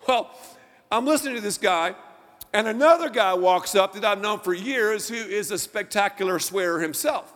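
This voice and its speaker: A man preaching a sermon as pastor, emphatic, rising to near shouts and dropping low. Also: animated, a little fast, big-room sound. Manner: emphatic preaching with wide swings of loudness and pitch.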